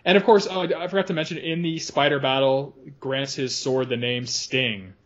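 Man, casual podcast chat, animated and laughing, slightly dull lo-fi sound. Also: medium pitch, moderate pace. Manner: animated, laughs often, quotes lines in funny voices. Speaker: podcast co-host. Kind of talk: casual film discussion.

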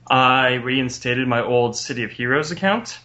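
A man's voice: mid-range voice, bright, forceful tone. A man hosting a casual podcast chat with friends over a call, joking and teasing with mock exasperation. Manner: joking, exasperated, quick to laugh. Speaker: podcast host. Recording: muffled lo-fi call audio.

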